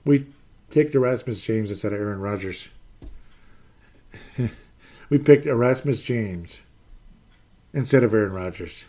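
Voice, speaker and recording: A man's voice: fairly low pitch, a little slow, pauses often, dark tone. A man in his forties, maybe, hosting a casual live sports show, rambling, self-deprecating and exasperated as he reads chat comments. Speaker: podcast host reading chat comments.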